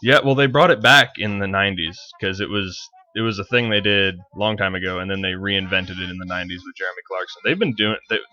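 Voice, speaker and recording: This is a man with a low voice and a bright, forceful tone. He co-hosts a casual chat show and rambles as he hunts for the right word. The audio is dull and lo-fi. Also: quick pace, few pauses. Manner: rambling, searches for words. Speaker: podcast co-host.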